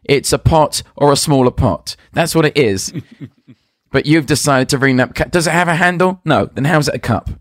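A man's voice: a little high, normal speed, dry recording. Rambling hesitant man, dry close sound. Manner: rambling, hesitant, full of uh and restarts. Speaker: guest magician. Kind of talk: casual podcast chat.

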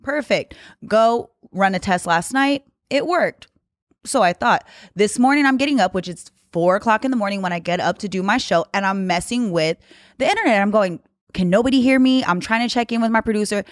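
A woman guest on a podcast, telling a story in casual chat, lively and exasperated as she quotes others. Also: medium pitch, moderate pace, dry recording, clean studio sound.

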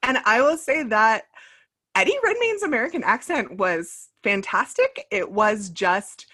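A woman with a bright voice chats about a film in a lively, laughing way. She riffs loosely and keeps the talk light. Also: on the high side, measured pace. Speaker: film review co-host. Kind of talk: casual film review chat.

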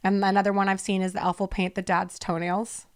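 Animated, foul-mouthed woman podcast co-host. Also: medium pitch, fairly quick, clear, resonant tone. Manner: animated, profane storytelling. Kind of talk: casual chat.

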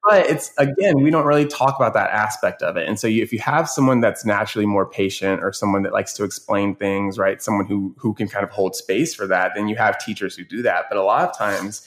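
A man's voice: on the low side, a little fast, few pauses. A male educator, a podcast guest, telling stories in casual conversation and acting out the children he quotes. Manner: animated storyteller, quotes kids in raised voices.

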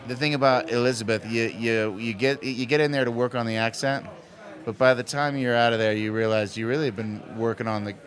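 A man talks casually in an interview, joking and playful with sudden animated bursts. His voice sits in a plain mid range. He shifts easily between loose banter and earnest points. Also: mid-range voice, fairly quick. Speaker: actor being interviewed.

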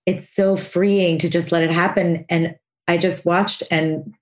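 A woman hosts a podcast in a notably low voice. She speaks candidly and reflectively about her own experience. She laughs easily between thoughts. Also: steady tone, measured pace. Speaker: podcast host. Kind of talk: podcast interview, personal reflection.

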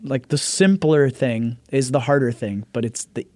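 A man guest author chatting in a casual interview, playful and animated as he tells stories. His voice sits mid-range and sounds close and dry, with no room echo. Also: mid-range voice, moderate pace.

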